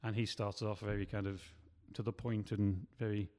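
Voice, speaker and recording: A man's voice: lowish voice, level tone, normal speed, mellow, long reverb tail. A man who writes and produces films, talking in a loose, rambling way and often stopping to correct himself. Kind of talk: casual chat.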